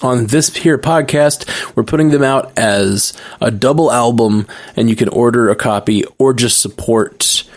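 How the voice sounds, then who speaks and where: A man's voice: mid-range voice, measured pace, few pauses. Man, podcast co-host, casual chat, rambling, frequent laughs. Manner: rambling, laughs often, many restarts.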